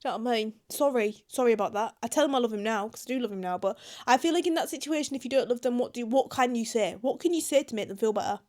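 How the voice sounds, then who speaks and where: A woman's voice: fairly high pitch, rapid-fire, hardly any pauses, darkish tone. A young British woman reacting to online confessions in casual, blunt commentary, swearing freely. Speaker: YouTuber.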